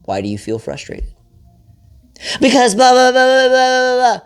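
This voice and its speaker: A man putting on a shrill, fed-up ranting wife. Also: monotone, clear, resonant tone. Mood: exasperated. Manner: shrill, rapid, exasperated ranting. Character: angry frustrated wife venting, adult woman.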